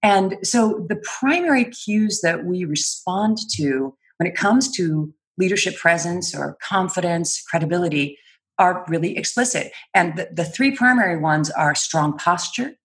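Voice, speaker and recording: Articulate woman with a low voice. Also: expressive, a little slow, a bit bright. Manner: articulate, explanatory, laughs easily. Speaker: guest, speech and credibility trainer. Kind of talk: interview answers.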